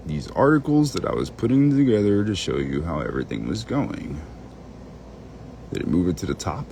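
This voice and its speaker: Distracted male host muttering and cursing while he hunts for files, with an animated pitch and faint background noise. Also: moderate pace, gravelly. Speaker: channel host. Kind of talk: rambling screen-share monologue.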